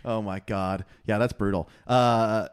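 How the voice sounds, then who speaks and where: A man's voice: on the low side, fairly even intonation, unhurried, smooth. A man in his twenties co-hosting a casual sports podcast into a studio mic, joking and teasing a lot. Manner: joking, teasing, laughs often. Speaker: podcast co-host. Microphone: studio mic with pop filter.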